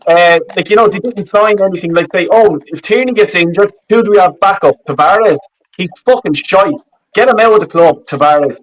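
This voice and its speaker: A man's voice: high voice, rough recording. A man hosting a live football fan stream, furious and swearing heavily as he rambles through his complaints. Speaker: fan channel host. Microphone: webcam.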